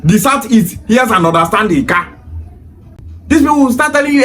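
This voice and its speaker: A man's voice: very high voice, expressive, a little fast, a bit bright. A Nigerian man speaking English with Pidgin phrases, delivering a scolding monologue full of repeated rhetorical questions. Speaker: commentator. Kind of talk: ranting monologue.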